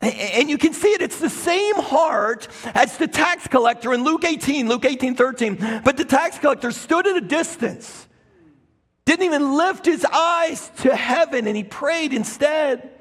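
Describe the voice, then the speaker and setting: A man's voice: very high voice, lively intonation, unhurried, a bit bright. A man preaching a sermon as a pastor, dramatic, crying out quoted lines at full voice. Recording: long hall reverb.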